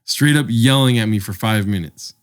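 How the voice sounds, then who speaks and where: A man's voice: fairly low pitch, moderate pace. A young man co-hosting a podcast, telling a story in casual chat, swearing often and acting out the voices of people in it. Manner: animated, swears often, acts out voices in his stories. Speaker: podcast co-host.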